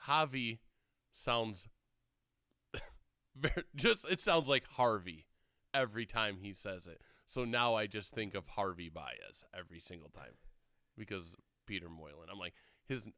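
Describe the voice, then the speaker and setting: Bright-voiced male sports radio co-host. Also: fairly low pitch, animated, unhurried, no echo, clean studio sound. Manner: chatty, laughing while telling stories. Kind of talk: casual sports talk radio.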